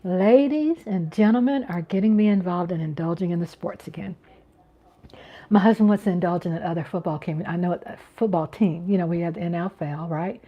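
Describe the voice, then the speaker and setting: A middle-aged woman hosting a casual livestream from home, chatting with viewers, reading their comments aloud, laughing often and sometimes dropping into a hushed whisper. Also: on the low side, brisk, highs cut off. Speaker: livestream host. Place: home, at night.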